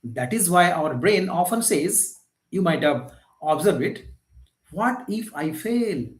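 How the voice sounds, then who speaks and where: A man's voice: high-pitched, animated, slow pace, echoey room, poor audio. A man, a life coach giving a motivational live talk, lecturing emphatically and asking rhetorical questions.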